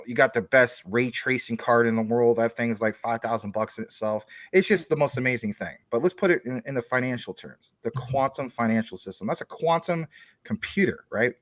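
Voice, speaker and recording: A man's voice: mid-range voice, no echo, studio quality. A man talking as a guest on a casual chat show, explaining things at length through long everyday analogies.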